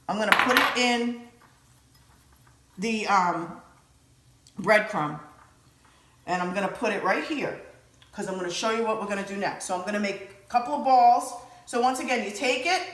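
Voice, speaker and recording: Chatty woman cooking in an echoey kitchen. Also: on the high side. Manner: chatty, excitable, filler-heavy. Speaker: home cook. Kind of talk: casual cooking demonstration. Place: home kitchen.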